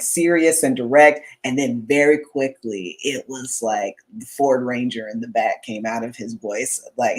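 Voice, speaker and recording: A woman's voice: very deep voice, poor audio. A woman, a guest writer, telling a funny story in a panel chat and laughing as she goes. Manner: lively, laughing retelling.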